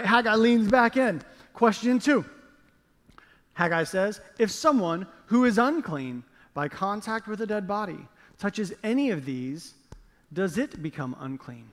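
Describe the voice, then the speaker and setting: A man's voice: sits high, expressive, unhurried, a bit bright. A male pastor preaching a sermon, telling the story with playful jokes and acted-out asides. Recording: long reverb of a large hall.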